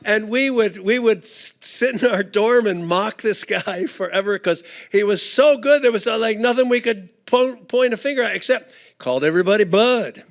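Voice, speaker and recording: At a conference, a middle-aged man with a high voice delivers a comic storytelling talk at normal speed. He brings the story to life animatedly, acting out each voice.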